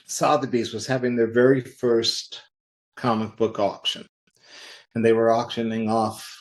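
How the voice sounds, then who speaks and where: A man who works in comics, telling anecdotes in a podcast interview, acting out the quoted lines in lively voices. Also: on the low side. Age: older. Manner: animated anecdotal storytelling, acts out quoted dialogue. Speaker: interview guest, comic creator.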